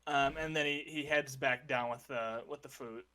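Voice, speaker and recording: A man's voice: mid-range voice, fairly even intonation, normal speed, sharp tone. A man as game master, describing characters and scenes of a tabletop game.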